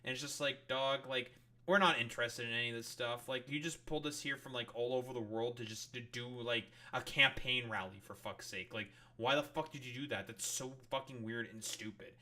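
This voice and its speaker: A man with a bright, forceful voice rants at political clips as he streams. He swears constantly and sounds openly fed up. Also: mid-range voice, brisk. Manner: angry, profane ranting. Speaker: streamer reacting to news clips. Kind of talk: casual political commentary.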